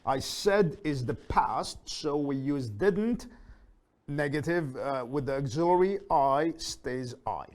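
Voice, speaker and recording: Slow-spoken male English teacher. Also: fairly high pitch, expressive, a little mellow. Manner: repeats example sentences slowly for learners, with fillers and self-corrections. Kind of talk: slow, deliberate lesson explanation.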